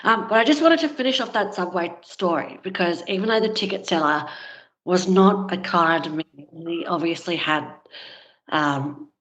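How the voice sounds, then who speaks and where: A woman's voice: fairly low pitch, moderate pace, a bit bright. A woman guest candidly telling a personal story in conversation, frank and unpolished, with plenty of filler words. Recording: dull, lo-fi sound.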